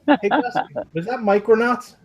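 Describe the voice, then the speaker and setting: A man's voice: very high-pitched, normal speed. A man chatting and teasing in an easygoing way on a video call. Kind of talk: casual chat. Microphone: online video call.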